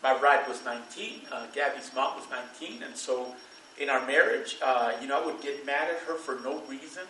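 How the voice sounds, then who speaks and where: Bright-voiced preacher in an echoey church. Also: male voice, medium pitch, a little fast, distant mic, a little hiss or hum. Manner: conversational preaching with fillers and laughter. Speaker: pastor. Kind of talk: sermon.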